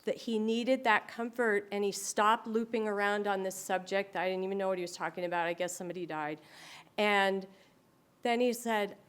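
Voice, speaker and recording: A woman's voice: medium pitch, moderate pace, clear, resonant tone. A woman presenting to an audience, telling stories animatedly and acting out other people's voices. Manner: animated storyteller who acts out quoted voices. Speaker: speaker on dementia care.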